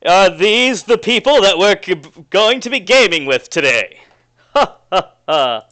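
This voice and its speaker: A man's voice: high-pitched, very animated, unhurried, bright, forceful tone, voice pushed up, full character voice. A man voicing a boastful, theatrical young male student who turns timid at times, with grand proclamations and cackling laughs. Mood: grandiose.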